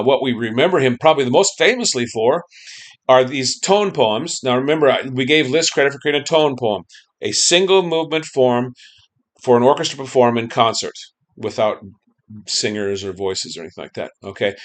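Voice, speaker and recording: A man lecturing a class on music history, loose and conversational, checking in with the students and humming snippets of melodies. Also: mid-range voice.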